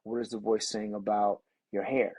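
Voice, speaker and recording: Husky middle-aged man, podcast guest, earnest storyteller, dry close mic. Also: lowish voice, level tone, normal speed, a little mellow, dry recording, low-quality recording. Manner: earnest, storytelling, restarts often. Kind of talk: candid reflective conversation.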